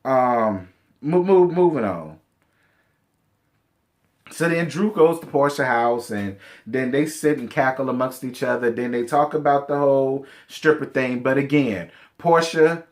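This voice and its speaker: Here a blunt, sassy man talks at an unhurried pace in a mid-range voice. He curses, calls out cast members directly, and keeps his reality TV recap commentary casual.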